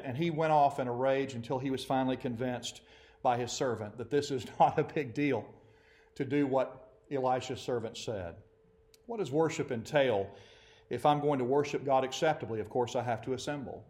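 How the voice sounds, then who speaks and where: A man preaching a sermon to his congregation, animated and acting out quoted voices. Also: medium pitch, normal speed. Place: church assembly.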